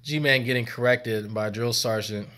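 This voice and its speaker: A man's voice: medium pitch, moderate pace, pushed and bright. A man, a former army medic, telling stories on a stream in a rambling, profane and laughing way. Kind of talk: casual storytelling on stream.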